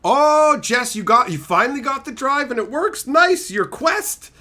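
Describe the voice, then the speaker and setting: A man's voice: very high-pitched, big pitch swings, moderate pace, sharp tone. A man live-streaming, chatting casually with viewers in joking, profane banter and reading their messages aloud. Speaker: streamer opening card packs.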